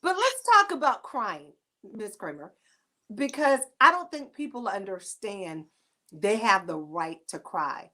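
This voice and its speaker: A woman hosting a talk show, speaking emphatically in a preachy, animated storytelling way. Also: medium pitch, a little slow.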